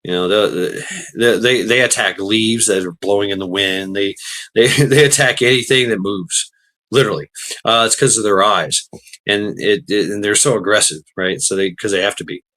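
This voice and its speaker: A man's voice: fairly low pitch, normal speed, bright, forceful tone. A man chatting casually while gaming, rambling with many restarts and fillers, swearing freely.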